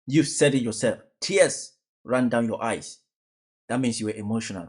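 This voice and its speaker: A man's voice: mid-range voice, normal speed, darkish tone, husky. A man giving casual reaction commentary, emphatic and fond of repeated rhetorical questions.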